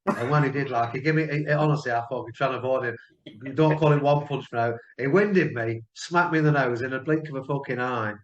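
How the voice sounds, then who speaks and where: A man's voice: mid-range voice, a little fast. Sweary man from Lincoln, blunt storyteller; roomy, dull recording. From Lincoln, England. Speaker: panel member. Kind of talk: storytelling in casual chat.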